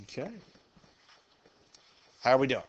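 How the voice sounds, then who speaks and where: A man's voice: mid-range voice, unhurried, lo-fi sound. A male math teacher lecturing a class, upbeat and encouraging as he works through problems aloud.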